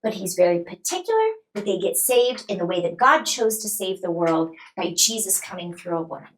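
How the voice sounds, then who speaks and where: A woman guest, a New Testament scholar, explaining scripture in an emphatic, expressive way and acting out quoted speech. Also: medium pitch, fairly quick, low-quality recording.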